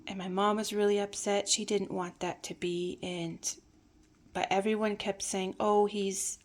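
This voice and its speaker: A woman telling a personal family memory in a reflective, hesitant way, sometimes dropping to a soft near-whisper. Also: medium pitch, little pitch movement, unhurried. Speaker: storyteller.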